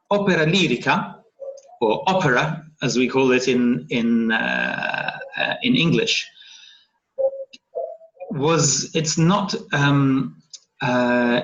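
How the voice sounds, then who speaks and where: A man's voice: mid-range voice, fairly bright tone. A man teaching an online phonetics lesson, speaking patiently and often checking understanding with a questioning "yeah?". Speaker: English teacher. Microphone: video call. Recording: dull lo-fi video call audio.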